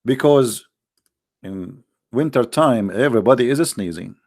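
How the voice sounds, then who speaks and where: A man's voice: medium pitch, expressive, unhurried, a little mellow. A man delivering a solo commentary monologue with a sarcastic, emphatic manner, speaking English with non-native grammar. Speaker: online debater.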